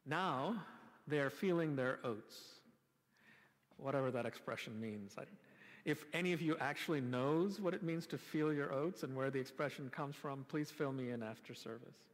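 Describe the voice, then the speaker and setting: Male pastor, sermon delivery: expressive, wry, rhetorical, slightly high voice, church reverb. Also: moderate pace. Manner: animated, rhetorical questions, wry asides. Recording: long reverb from a church hall.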